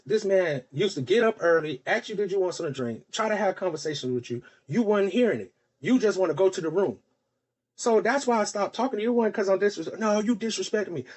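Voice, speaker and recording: A man's voice: sits high, husky. A man on a podcast telling a long personal story in casual chat, acting out the voices of the people in it. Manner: animated, acts out quoted voices. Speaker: podcast host.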